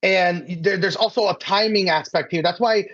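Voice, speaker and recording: A man's voice: high-pitched, moderate pace, a bit bright, highs cut off. A man co-hosting a podcast, speaking earnestly in casual chat and stumbling over repeated restarts. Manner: stammering restarts, earnest, defends his view. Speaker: podcast co-host.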